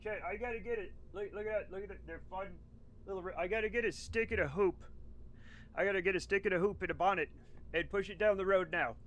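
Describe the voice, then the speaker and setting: A man's voice: high voice, quick pace, a bit bright, slight background noise. A young adult man streaming a game, chatting casually and rambling through jokey stories. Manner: rambling, joking storyteller. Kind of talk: casual chat.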